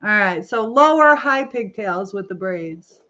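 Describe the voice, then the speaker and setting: A chatty middle-aged woman reads viewer comments on a live stream while styling her hair, rambling and laughing often. Her medium-pitched voice is expressive, bright, and forceful, a little slow, and the lo-fi audio sounds slightly dull.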